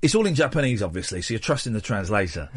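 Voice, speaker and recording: Animated radio host, lively pitch. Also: male voice, rapid-fire, husky. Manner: playful, animated, jumps between topics. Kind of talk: casual radio chat.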